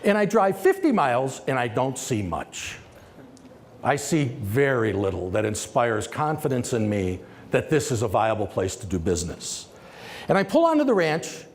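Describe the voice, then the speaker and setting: A man telling a business story as a summit keynote speaker, conversational and lively, acting out the dialogue. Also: mid-range voice, moderate pace. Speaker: company executive giving a summit presentation. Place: large conference hall. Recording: long hall reverb.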